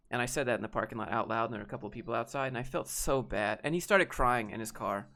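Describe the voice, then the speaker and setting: A young man, a guest, telling a frustrated, halting personal story in a casual way. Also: medium pitch, gravelly, fairly bright tone.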